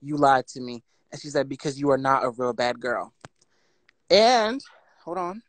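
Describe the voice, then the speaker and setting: A woman, telling her story on a phone livestream in a blunt, profane, animated way and reading out text messages. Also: extremely low pitch, normal speed, dry recording.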